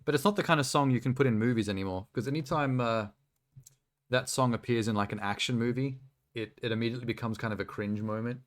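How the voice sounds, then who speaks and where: A man's voice: medium pitch, quick pace. A man streaming a video game, chatting casually and rambling through asides with a self-deprecating humor. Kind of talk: casual live-stream commentary.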